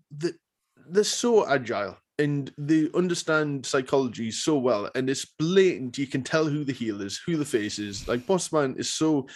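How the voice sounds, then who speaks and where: A man chatting casually as a podcast co-host, animated and swearing, acting out what others said. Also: mid-range voice. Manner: animated storyteller, swears, acts out quotes. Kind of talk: casual wrestling chat.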